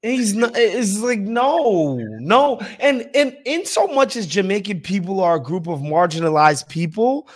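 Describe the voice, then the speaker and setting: A man's voice: sits high, expressive, unhurried, few pauses. A man hosting a podcast, talking bluntly and animatedly, with plenty of swearing. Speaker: podcast host. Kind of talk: casual opinionated chat.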